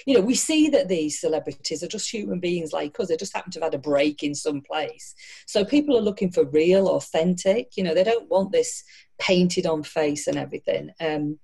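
A woman's voice: fairly low pitch, normal speed, vocal fry. Frank, swearing Yorkshire woman. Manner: frank, swears freely, animated storytelling. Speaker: guest entrepreneur. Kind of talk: casual interview chat.

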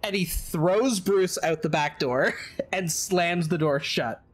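A man narrating a tabletop game as game master, in descriptive, halting narration with fillers. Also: on the high side.

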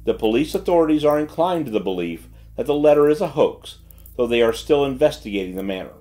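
Measured male audiobook narrator. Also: mid-range voice, animated, dark tone. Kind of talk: scripted narration.

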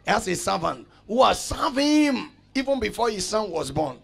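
A man preaching outdoors, telling a story and repeating phrases, going from loud to soft. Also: high voice, sing-song, moderate pace, gravelly, husky, soft background music. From Nigeria. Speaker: pastor. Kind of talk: street sermon with storytelling. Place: outdoors on a street.

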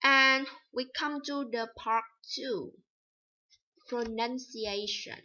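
Slow, bright-voiced woman teacher. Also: a little high. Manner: slow, deliberate reading of lists and examples. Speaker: English teacher. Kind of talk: recorded vocabulary and pronunciation lesson. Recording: dull lo-fi recording.

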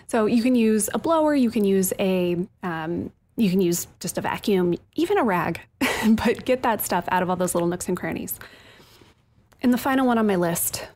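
A woman's voice: medium pitch, animated, moderate pace, darkish tone. A woman co-hosting a tech podcast, giving tips in a breezy, conversational way. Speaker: co-host. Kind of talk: casual podcast chat.

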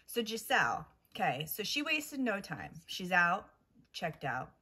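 A woman's voice: medium pitch, big pitch swings, a little slow, sharp tone, husky. An American woman co-hosting a casual chat, playful, laid-back and teasingly contrary. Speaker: podcast co-host.

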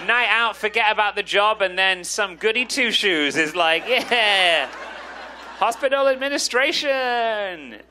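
A young Englishman with a fairly high, sharp voice works the crowd on a club stage, teasing people and mocking himself before launching into a freestyle rap over music. He's a stand-up comedian from England, and there's slight background noise.

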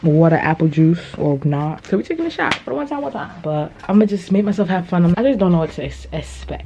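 A woman in her twenties talking casually to her phone camera in a birthday vlog, chatty and excitable, with dull phone audio and faint hiss. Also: on the low side. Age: 20s. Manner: chatty, excitable, tearful over gifts. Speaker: vlogger.

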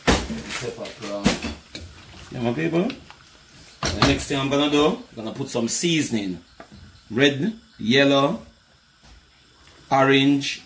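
A man talks his viewers through a home cooking demonstration at a relaxed, mid-range pitch. He keeps addressing the audience directly and chats as he works. A steady hum of background noise fills the kitchen recording. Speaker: cooking vlogger.

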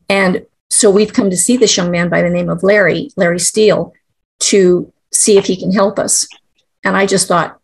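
A woman's voice: mid-range voice, gravelly, darkish tone, breathy edge. A middle-aged woman, a guest, telling a personal story in an earnest, emotional way, with restarts.

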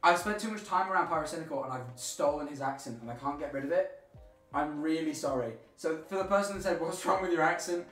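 A man's voice: on the high side, fast, a bit bright, echoey room, soft background music. A young man with a Birmingham-tinged English accent, chatting and joking on a live stream. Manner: joking, self-mocking. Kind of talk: casual live-stream chat.

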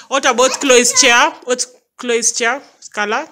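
Woman, Kenyan accent, home vlogger; bright, slightly high voice, chatty and coaxing. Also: fairly even intonation, a little slow, slight background noise. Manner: chatty, coaxing a toddler with playful questions. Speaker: mother and vlogger. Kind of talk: casual home vlog. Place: home, indoors.

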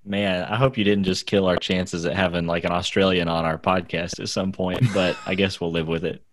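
A man's voice: deep voice, little pitch movement, brisk. A man hosting a podcast in casual chat, joking and playful and laughing often. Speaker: podcast host.

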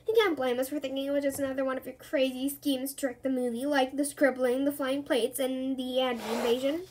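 A woman voicing a goofy, excitable cartoonist guy. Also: high-pitched, fairly quick. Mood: indignant. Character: goofy excitable treehouse-dwelling cartoonist man.

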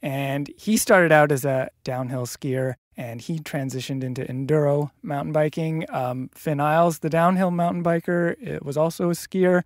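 Casting note: interviewer, mid pitch, dry close-mic sound, measured questions. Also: fairly even intonation, no room sound. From Canada. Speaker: podcast interviewer. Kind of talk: podcast interview.

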